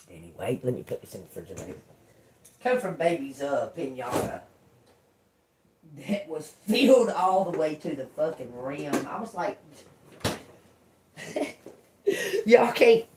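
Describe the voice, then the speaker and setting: A woman running a tarot livestream, talking loosely and with plenty of profanity. She laughs often and swings from loud, animated outbursts to quiet asides under her breath. At times she reads Bible verses aloud in the same casual way. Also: deep voice. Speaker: tarot reader and livestream host.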